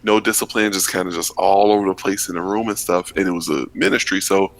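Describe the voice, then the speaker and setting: A man hosting a podcast, talking casually and relaxed, with many fillers. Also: deep voice, rough recording. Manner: relaxed, filler-heavy, quick backchannels. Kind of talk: casual conversation.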